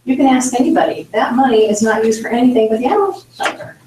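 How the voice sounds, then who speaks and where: A woman's voice: on the high side, quick pace, a little mellow, slight background noise. A woman commissioner speaking plainly and defensively at a public meeting. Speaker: county commissioner. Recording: roomy meeting hall from far off.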